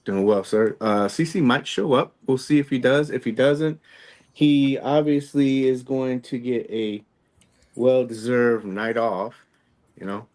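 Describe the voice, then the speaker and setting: A man hosting a casual podcast, relaxed and prone to repeating his phrases. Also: medium pitch, a little slow. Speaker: podcast host. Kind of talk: casual chat.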